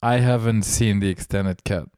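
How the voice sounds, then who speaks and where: A man from France with a French accent, a guest on a podcast, chatting casually and joking in an unhurried way. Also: on the low side, fairly even intonation, dark tone, clean tone, dry recording, clean studio sound. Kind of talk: casual chat.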